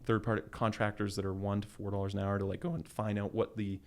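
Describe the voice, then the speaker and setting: Low-voiced man telling a lively story. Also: quick pace. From Canada. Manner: animated storyteller, acts out quoted voices with laughs. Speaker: guest entrepreneur. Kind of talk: casual storytelling interview.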